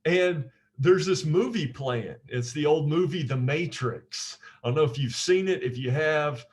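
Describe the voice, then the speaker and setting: A man's voice: a little high, a little slow. A man, a naval officer, teaching a memory technique in an informal, conversational way, often repeating phrases and checking in with "right?".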